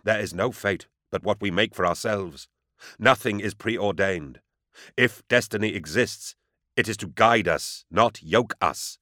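A man voicing a grim, dutiful male warrior captain who speaks in a firm, deliberate, commanding way. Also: on the low side, sharp tone, no echo, clean studio sound. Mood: resolute.

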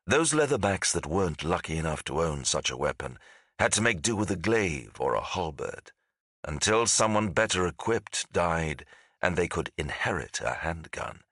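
A man with a very low yet bright, forceful voice narrates a fantasy audiobook in a measured, dramatic way. His pitch moves expressively through each sentence, and the recording is dry and close. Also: big pitch swings, slightly rough, no room sound.

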